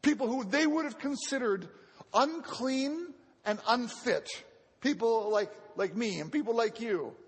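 High, husky-voiced man preaching a sermon. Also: animated, measured pace. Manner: earnest teaching, often repeats words as he restarts. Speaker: pastor. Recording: long reverb of a large hall.

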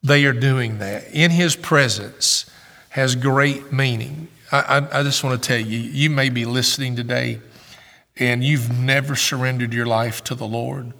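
Gravelly pastor preaching in a hall. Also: male voice, medium pitch, steady tone, unhurried, sharp tone. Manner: earnest, questioning, repeats phrases. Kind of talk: sermon.

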